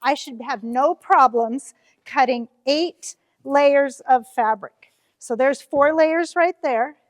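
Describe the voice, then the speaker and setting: High-voiced woman demonstrating quilting. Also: takes it slowly, dry recording, studio quality, in a large hall. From Nebraska, US. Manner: friendly, chatty, with frequent ums and uhs. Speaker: quilt shop owner demonstrating a ruler. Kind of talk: casual how-to demonstration. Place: quilt shop cutting table.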